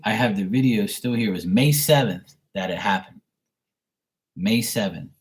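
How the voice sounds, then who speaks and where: A man's voice: mid-range voice, breathy edge. A man, hosting a live tarot stream, telling a rambling, profane story and answering his viewers. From Bermuda. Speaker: tarot reader livestream host. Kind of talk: casual livestream chat.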